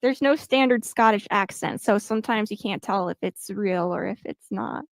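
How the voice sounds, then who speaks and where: Calm, matter-of-fact woman co-host. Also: medium pitch, normal speed, creaky, no echo, studio quality. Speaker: podcast co-host. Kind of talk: casual movie review chat.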